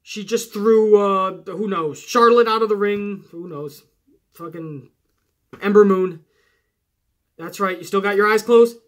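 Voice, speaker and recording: Guy hosting a wrestling podcast, high voice, keeps talking to the listeners, curses a lot. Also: measured pace, long pauses. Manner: animated, chatty, swears, talks straight to listeners. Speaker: podcast host. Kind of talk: casual wrestling podcast commentary.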